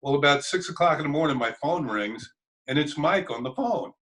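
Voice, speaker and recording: An older man, a former ballplayer, telling relaxed anecdotes with chuckles in an interview. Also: on the high side, fairly quick, low-quality recording. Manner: chuckling anecdotes, acts out quoted voices. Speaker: former ballplayer and broadcaster, guest. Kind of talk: casual storytelling interview.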